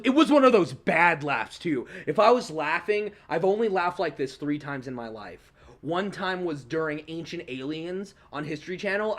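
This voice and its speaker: A young man hosting a podcast, telling a story in a casual, animated way, swearing often and laughing along. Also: on the high side. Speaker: podcast host.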